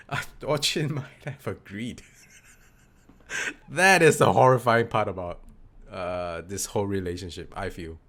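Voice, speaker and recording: A man's voice: medium pitch, a bit bright. A man co-hosting a casual book discussion, talking hesitantly with many fillers. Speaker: book podcast co-host.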